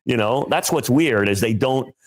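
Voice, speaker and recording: A man co-hosting a comedy podcast, talking in a rambling, animated way and laughing often. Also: mid-range voice, moderate pace. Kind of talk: casual comedy podcast chat.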